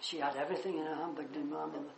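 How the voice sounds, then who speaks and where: An older man preaching a sermon, telling a childhood story with animated swells of loudness on key words. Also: on the high side, very fast, creaky, slight background noise. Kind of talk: sermon with personal anecdote. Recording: echoey church room.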